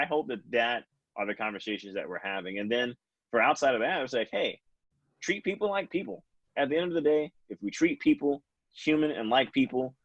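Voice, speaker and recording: A man's voice: medium pitch, no room sound. Earnest young man, dry lo-fi podcast. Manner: earnest, reflective, many restarts. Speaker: podcast host. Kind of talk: casual podcast chat.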